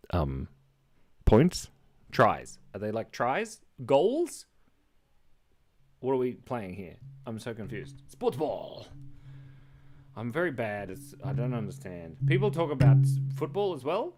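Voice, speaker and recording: Man, live-stream art host. Goofy, rambling chat that trips over its own words, mid-pitched with a very animated melody. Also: slow pace, long pauses, soft background music. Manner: rambling, playful, jumps between random thoughts; often breaks off mid-word and restarts. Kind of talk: casual live-stream chat while drawing. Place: indoors at his computer.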